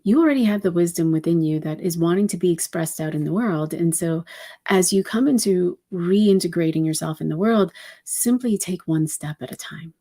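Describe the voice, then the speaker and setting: A woman giving a spiritual channeling talk as a numerology reader, speaking in a meandering, reflective and unhurried way with many soft fillers. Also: lowish voice.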